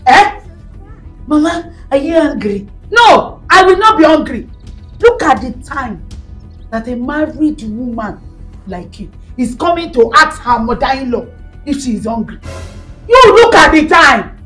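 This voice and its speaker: Bossy Nigerian mother-in-law, high-pitched, lively swings, mocking shouts, comedy skit. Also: a little slow, echoey room, faint music behind, full character voice, low-quality recording. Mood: scolding. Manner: scolding, mocking, shouts in bursts.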